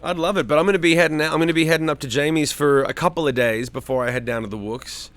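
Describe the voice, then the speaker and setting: A man's voice: fairly high pitch, quick pace, fairly bright tone. Casual swearing man chatting with his stream. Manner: loose, swears freely, talks to chat by name. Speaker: streamer hosting a live chat. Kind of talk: casual livestream chat reading viewer comments. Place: home.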